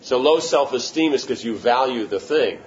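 With lively intonation and a medium pitch, a man talks at an ordinary pace during an informal devotional session. He's a spiritual teacher who keeps things conversational and often asks if his point lands. The recording is slightly muffled, faint room noise audible.

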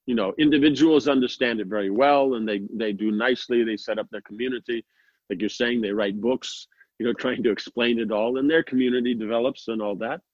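A man's voice: medium pitch, fairly even intonation, a little fast, dry recording. A man, a sannyasi teacher, giving an informal spiritual talk, rambling with many fillers and restarts and quoting others in mock voices. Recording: dry, muffled lo-fi sound.

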